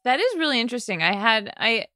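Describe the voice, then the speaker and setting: A woman's voice: on the high side, big pitch swings, fast talker, bright, forceful tone, no echo, clean studio sound. A woman co-hosting a podcast, chatting about sports in a reflective, chatty way. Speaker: podcast co-host. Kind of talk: casual sports chat.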